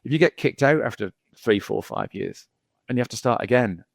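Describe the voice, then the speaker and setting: Middle-aged man, geologist guest, rambling and anecdotal, fry in the voice, dry close sound. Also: mid-range voice, lively intonation, fairly quick, no room sound. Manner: rambling, anecdotal, many repeats and "you know". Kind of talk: casual podcast conversation.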